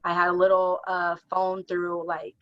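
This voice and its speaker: A young adult woman telling her own story in conversation, in a halting, earnest way full of "like". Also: on the low side, monotone. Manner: halting, earnest, heavy use of "like". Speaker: interview guest. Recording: dull, dry lo-fi recording.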